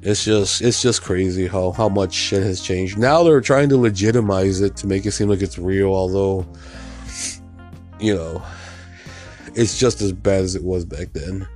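A man talks alone on his own show in a loose, cursing, rambling rant. His voice sits low, and he keeps asking the listener if they follow. Faint music plays behind him. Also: measured pace, darkish tone. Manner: profane, rambling, repeats "you know what I mean"; mocks others in a put-on voice. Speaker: podcast host. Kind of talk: casual solo rant.

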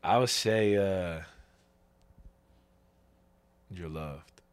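A tearful man in his thirties with a very deep voice shares his faith story. He talks in halting, tender bursts and restarts his sentences often. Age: 30s. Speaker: podcast guest. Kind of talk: emotional faith testimony.

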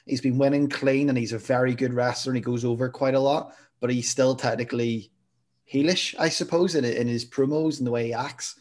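A man co-hosting a podcast, chatting casually in a measured way that hedges his views. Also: medium pitch, fairly even intonation, a little mellow. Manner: measured, hedging with "I suppose" and "kinda". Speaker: podcast co-host. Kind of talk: casual chat.

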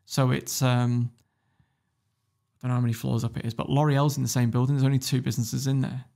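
Gravelly and warm, this man's mid-range voice holds a level tone at a fairly quick clip. He's a podcast guest and entrepreneur telling a casual story, blunt, cursing freely and laughing as he goes.

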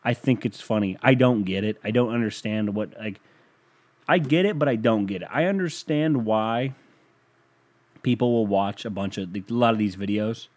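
Young man, podcast host, rambling casual monologue, swears a lot, mocks himself, lowish voice. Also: normal speed, darkish tone. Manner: rambling, profane, self-mocking.

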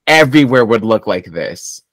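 A man's voice: lowish voice, expressive, normal speed, a bit bright, no room sound. A man co-hosting a podcast in casual chat, blunt and swearing freely as he rants. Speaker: podcast co-host.

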